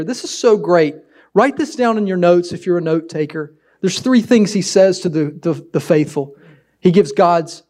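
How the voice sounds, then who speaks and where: A man preaching a sermon as pastor, swinging between loud emphasis and quiet asides. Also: a little high.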